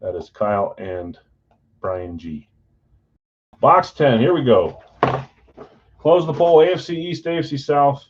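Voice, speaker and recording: A man hosting a live card break, talking casually and rattling off names and teams in quick runs. His voice sits at an ordinary middle pitch. The stream audio is a little dull and muffled. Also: lively intonation, a little hiss or hum. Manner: chatty, reads out names and teams in quick lists.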